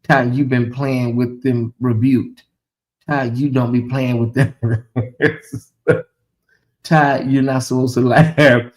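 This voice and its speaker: A middle-aged man hosting a casual livestream, talking straight to his chat in an animated, teasing way. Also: medium pitch, slow pace, pauses often. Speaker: livestream host. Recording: echoey room.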